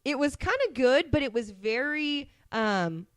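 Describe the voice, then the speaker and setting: Young woman, podcast co-host, teasing, higher voice, dry close sound. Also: animated, unhurried, fairly bright tone, no room sound. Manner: teasing, laughs often. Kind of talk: casual chat.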